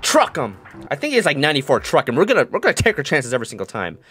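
A young man giving live commentary on his own football video game, muttering plays, then yelling and gloating in a sing-song voice. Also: fairly high pitch, very fast, soft background music. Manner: excitable, swings from mutters to yelling. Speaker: gaming commentator.

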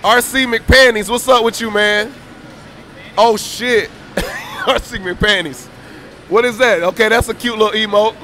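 Loud, brash trash-talking man. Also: high-pitched. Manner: boastful, taunting, profane. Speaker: player trash-talking on a stream mic.

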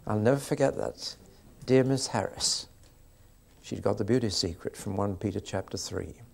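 A man's voice: on the low side, moderate pace, vocal fry. A man preaching a sermon, telling anecdotes with dry humour.

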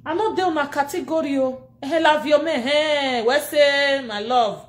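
A woman speaking in a Nigerian Pidgin English accent, ranting casually to camera in an animated, laughing and scolding way. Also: high-pitched, normal speed, roomy sound. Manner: animated, laughing, scolding and mocking, switching languages. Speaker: social media personality.

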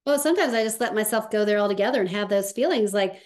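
Slow, reflective woman in conversation. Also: medium pitch. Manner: slow, reflective, with soft pauses. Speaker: guest, somatics practitioner. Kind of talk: conversational interview.

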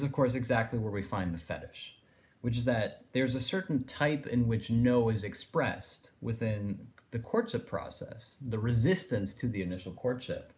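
A man's voice: medium pitch, a little mellow. A man giving a philosophy lecture, thinking aloud and circling his points with phrases like "in a sense". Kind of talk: recorded lecture.

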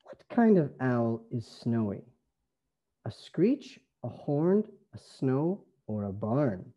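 Man, Canadian accent, English teacher, phonics lesson, sing-song and lively, dark mellow voice. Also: mid-range voice, muffled recording. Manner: slow, sing-song, stretched words.

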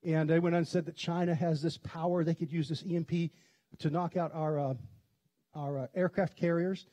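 A middle-aged pastor from Kentucky preaching a sermon, telling stories in a chatty way and laughing often. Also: male voice, fairly high pitch, level tone, mellow, no echo. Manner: conversational storytelling, quick to laugh. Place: church sanctuary.

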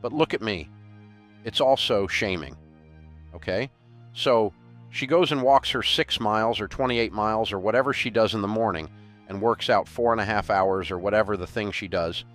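A man's voice: on the low side, moderate pace, fairly bright tone, faint music behind. A man, giving a joking, down-home sermon-style talk and quoting scripture. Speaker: guest speaker.

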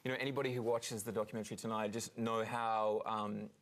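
A man's voice: on the low side, flat delivery, fast talker. A man from Queensland with an Australian accent, a guest on a chat show, talking earnestly and hesitating often. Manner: earnest, hesitant with many ums. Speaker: documentary maker, guest.

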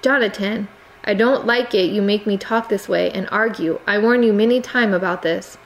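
A woman voicing a reserved young Cambodian immigrant girl who speaks quietly in halting phrasing. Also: medium pitch, lightly acted, rough recording. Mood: restrained. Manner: quiet, halting non-native phrasing, restrained.

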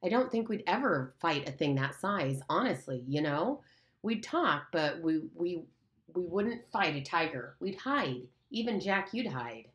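A woman voicing a frustrated, earnest boy chief who sounds halting and exasperated in an audiobook reading. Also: lowish voice, sing-song, a bit bright, roomy sound. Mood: troubled.

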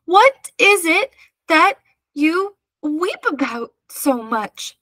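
A woman's voice: a little high, expressive, fast talker, fairly bright tone, no echo, studio quality. A woman voicing a polite, apologetic young man talking his way out of trouble in a read-aloud storybook. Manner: apologetic, eager to please. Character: polite, quick-thinking young man in a jam.

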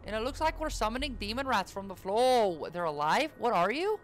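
A man's voice: sits high, sing-song, fairly quick, a little hiss or hum. A man giving casual, joking commentary while playing a horror game, with jumpy exclamations. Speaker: gaming YouTuber.

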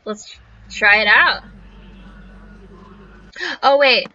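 A woman's voice: fairly high pitch, unhurried, pauses often, bright, forceful tone. A young woman streaming a game, reading its text aloud and reacting with jittery, swearing commentary. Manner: swears freely, jittery and easily spooked. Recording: crunchy lo-fi audio.

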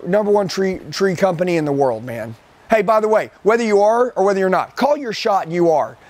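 A man with a high-pitched voice coaching a room of trainees live in an indoor training room. He is intense and emphatic, hammers his points by repeating them, and keeps calling people "dude". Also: no echo. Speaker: sales trainer.

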